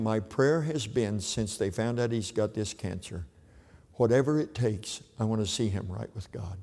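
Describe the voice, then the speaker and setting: An older man preaching a sermon, telling a family story in an earnest, halting way with restarts. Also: fairly low pitch, mellow. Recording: long hall reverb.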